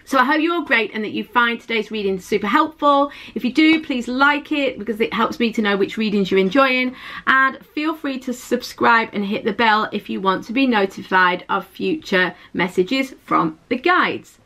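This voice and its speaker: A woman's voice: a little high, normal speed, sharp tone. A woman giving a chatty, intuitive tarot reading to her viewers, often repeating and restarting her phrases. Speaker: tarot reader.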